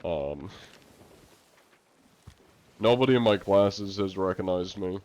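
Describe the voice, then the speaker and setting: A man's voice: deep voice, expressive, slow pace, a little mellow. A young man streaming, casually answering viewer questions in a loose, rambling way full of fillers and the odd swear word. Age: young adult.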